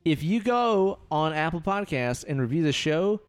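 Male podcast co-host, playful banter, slightly high-pitched. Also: expressive, moderate pace, clear, resonant tone. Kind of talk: casual podcast chat.

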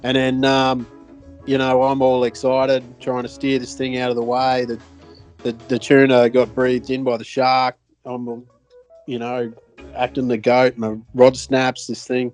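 A man with an Australian accent spins a loose, animated fishing yarn on a podcast. His voice sits in a middle pitch, and he talks in a rambling way with plenty of fillers, restarts and casual swearing. Soft music plays faintly underneath. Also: moderate pace. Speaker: podcast co-host. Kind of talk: casual chat, telling a fishing story.

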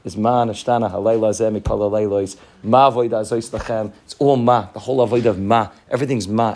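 Fast-talking husky man telling a Hasidic tale. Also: mid-range voice, darkish tone. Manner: rapid, heartfelt, repeats phrases, Yiddish-Hebrew terms woven in. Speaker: Torah teacher. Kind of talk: Hasidic storytelling talk.

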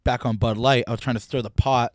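Crude, animated young man on a podcast. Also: medium pitch, fast talker, dry recording, studio quality. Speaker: podcast host. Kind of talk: casual chat.

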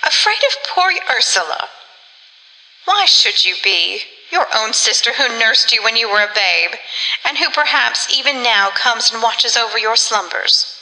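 A woman voicing a harsh, miserly older woman who snaps and sometimes drops to a hushed whisper. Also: medium pitch, measured pace. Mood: grim. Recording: long reverb.

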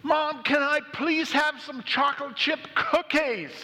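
A small boy pleads at the top of his lungs, his voice pitched far up and strained thin, as a preacher puts him on. The cry rings out with a long hall echo behind it. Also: unhurried, soft background music, exaggerated voice. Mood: pleading shout. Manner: shouting, begging at the top of his voice. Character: pleading three-year-old boy shouting in a store.

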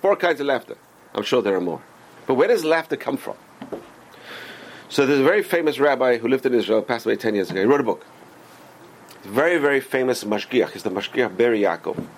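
A man teaching a religious class as a rabbi, animated and full of rhetorical questions to his students. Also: mid-range voice, a little fast, long pauses, a little hiss or hum.

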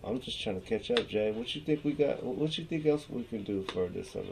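A man's voice: mid-range voice, lively intonation, brisk, gravelly, noisy background. A man co-hosting a podcast in casual banter, brash and teasing, swearing often. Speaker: podcast co-host.

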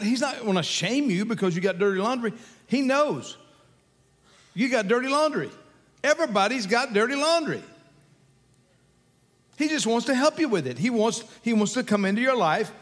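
An older man preaches a sermon in a relaxed, storytelling manner, chuckling as he goes. His voice sits high for a man. A long reverb trails behind him, as in a big hall. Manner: conversational, folksy, animated storytelling with chuckles. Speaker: pastor.

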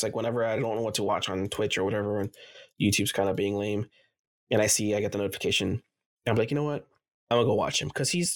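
A man co-hosting a casual gaming podcast, rambling loosely and swearing freely. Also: lowish voice. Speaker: podcast co-host.

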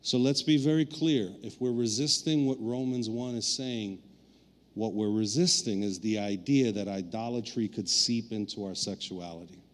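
A man's voice: lowish voice, moderate pace. A man preaching a sermon as pastor, telling a personal story with playful acted-out asides before turning earnest. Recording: reverberant hall.

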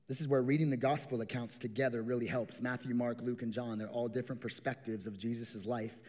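A young adult male pastor preaching a sermon, an animated storyteller who acts out the people in the story with humor. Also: medium pitch, brisk, long reverb tail. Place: church stage with long reverb.

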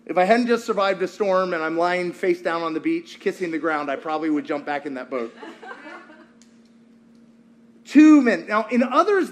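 A man preaching a sermon to a congregation, telling stories with animated, acted-out quotes. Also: high-pitched. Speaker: pastor.

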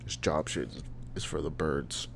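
A man's voice: extremely low pitch, normal speed, vocal fry, slight background noise. A young adult man hosting a solo podcast, ranting and rambling with lots of profanity. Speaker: podcast host.

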